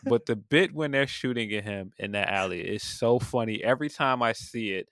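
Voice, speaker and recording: A man co-hosting a podcast, talking about a film in a laid-back, soft way and laughing often. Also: mid-range voice, moderate pace, no echo, clean studio sound. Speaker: podcast co-host. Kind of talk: casual film review chat.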